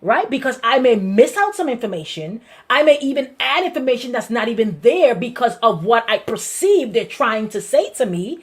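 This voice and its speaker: Woman, pastor, Brooklyn accent, fairly high voice, animated, repetitive, conversational preaching. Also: normal speed, hardly any pauses. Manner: animated, repeats phrases, chuckles often. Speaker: pastor and show host. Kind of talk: conversational preaching on a weekly talk show.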